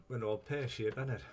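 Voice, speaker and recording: A man's voice: mid-range voice, a little mellow, a little hiss or hum. A man hosting a casual live stream, rambling, swearing freely and chuckling often as he greets viewers.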